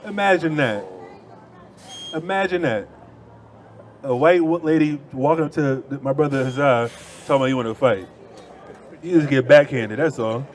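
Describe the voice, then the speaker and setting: A man's voice: mid-range voice, fairly even intonation, a little fast, darkish tone. A man preaching outdoors on a city street through a handheld microphone, arguing in a heated debate, dismissive and repeating himself.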